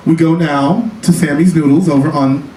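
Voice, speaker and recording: A man with a high voice tells a flamboyant, sassy story on stage in a small cabaret club. The recording is echoey and distant, heard from across the room, with steady room noise and audience laughter around him. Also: moderate pace. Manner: flamboyant, sassy, calls the audience child and honey. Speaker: comedian performing a one-man show. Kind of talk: live stand-up storytelling.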